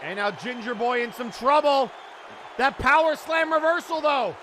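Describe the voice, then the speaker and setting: A man calling a wrestling match play by play, often breaking into excited shouts. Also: very high-pitched, moderate pace. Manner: excitable, shouting during big moments. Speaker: wrestling commentator. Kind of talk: play-by-play commentary. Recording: crowd and loud background noise.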